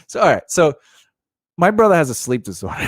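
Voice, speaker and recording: A man tells a story on a casual podcast, his pitch rising and falling as he acts out every quoted line. He laughs as he goes. The sound is dry and close. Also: normal speed, husky, no room sound. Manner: animated storyteller acting out quoted dialogue; laughs often mid-story. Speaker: podcast co-host. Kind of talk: casual chat.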